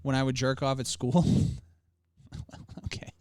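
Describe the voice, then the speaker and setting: A man's voice: medium pitch, flat delivery, measured pace. A man co-hosting a podcast, talking in a crude, laid-back, joking way. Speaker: podcast co-host. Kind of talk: casual chat.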